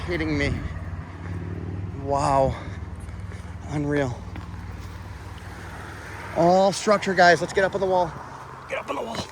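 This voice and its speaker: Male outdoor vlogger, slow drawn-out delivery, slightly high voice, awestruck and breathless, faint outdoor noise on a phone recording. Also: fairly even intonation. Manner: exclaiming, awestruck, swears, talks to viewers. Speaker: vlogger exploring old bridges. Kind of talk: walking vlog narration. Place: outdoors, walking in the woods. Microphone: phone camera.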